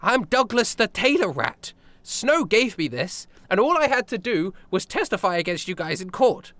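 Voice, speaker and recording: Guy putting on a high prim little rat tailor, all smug and pleased with himself. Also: sing-song, moderate pace, pushed and bright, no echo, exaggerated voice. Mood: proud.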